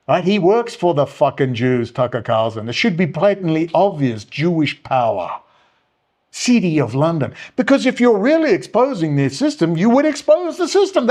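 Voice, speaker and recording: A man delivering an angry, profane solo rant as a commentator, sneering, with sudden swings up and down in pitch. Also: darkish tone. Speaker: political commentator.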